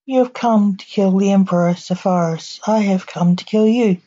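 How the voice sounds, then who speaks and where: A woman's voice: medium pitch, moderate pace, dark tone, natural voice. A woman voicing a stern male assassin who is a protective father, with dry, clipped lines, on a dull lo-fi recording. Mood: cold.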